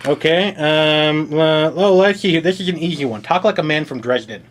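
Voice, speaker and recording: A male board game reviewer with a slightly higher-than-average voice. He walks through the rules in a dry, explanatory manner with sardonic asides. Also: moderate pace, a little hiss or hum.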